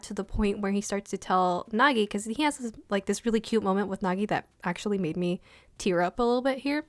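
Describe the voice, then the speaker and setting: Young woman, casual anime review, excitable, gushing, filler-heavy, dry close sound. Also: mid-range voice, no echo.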